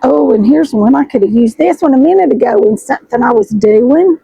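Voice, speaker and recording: A middle-aged woman, chatting excitedly to her viewers as she unboxes fabric, her voice hoarse and froggy. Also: high voice, fairly quick, no echo, rough recording. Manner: chatty, gushing, addresses viewers as y'all. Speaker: sewing vlogger host. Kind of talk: casual chat while unboxing fabric.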